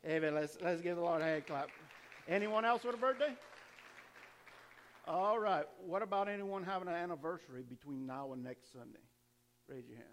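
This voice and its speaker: A pastor in his fifties leads church announcements and the offering from the sanctuary floor. His voice sits on the higher side for a man, and his delivery is loose and chatty, full of restarts and easy laughter. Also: brisk, slight background noise.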